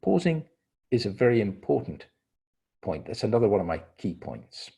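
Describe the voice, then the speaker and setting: A middle-aged man gives an online training seminar in a husky, fairly low voice. His pitch moves a lot, rising on stressed words and dropping at the ends of sentences. He explains step by step and leaves deliberate pauses. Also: very animated, dark tone. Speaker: English communication trainer.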